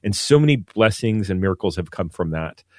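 A priest appears as a guest on a radio show, speaking earnestly about devotion and often stumbling over and repeating words. His fairly low, darkish voice is brisk and expressive, captured in a close, dry studio with no echo.

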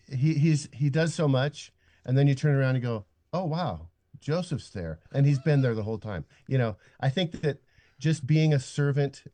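Earnest older man, dark dry voice. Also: mid-range voice, dry recording. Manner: earnest, reflective, stop-start. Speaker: guest. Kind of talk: radio interview.

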